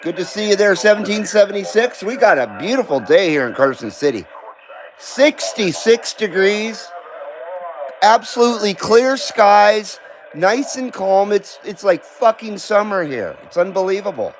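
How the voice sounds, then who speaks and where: Broadcasting from his home in Carson City, a man originally from Southern California hosts a live radio-hobby stream, laid-back and swearing freely as he greets viewers by name. His voice sits high and is very animated but unhurried, on a low-quality recording with slight background noise.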